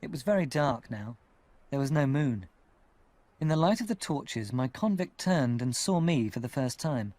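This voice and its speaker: Reading an audiobook, a man with a medium-pitched voice tells the story expressively at a moderate pace, with no room sound.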